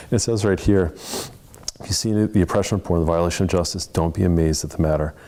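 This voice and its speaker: A man's voice: deep voice, normal speed, dark tone. A man leading a church Bible study in an earnest, conversational way, full of rambling asides. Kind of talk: casual teaching.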